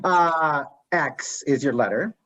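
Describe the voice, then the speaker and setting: A man hosting an improv game, giving rules with many pauses and fillers. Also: a little high, fairly bright tone. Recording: dull lo-fi stream audio.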